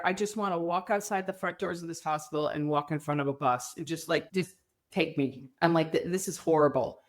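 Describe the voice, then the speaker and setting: A middle-aged woman with a somewhat low voice tells her story as an interview guest. She talks candidly and slips into quoted dialogue with animated voices. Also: a little fast. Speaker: podcast guest.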